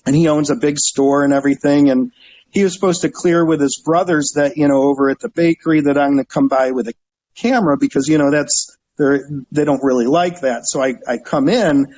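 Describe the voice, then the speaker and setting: A middle-aged man with a slightly high voice tells stories in a relaxed interview. He acts out the people he describes and laughs often. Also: brisk, highs cut off. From Northeast Ohio. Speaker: guest, travel website owner. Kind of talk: casual storytelling interview.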